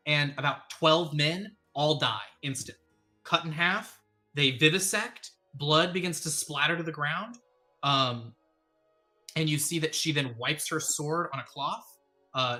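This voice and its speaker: Bright, rambling tabletop game master. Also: medium pitch. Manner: rambling narration full of ums and uhs, laughs often.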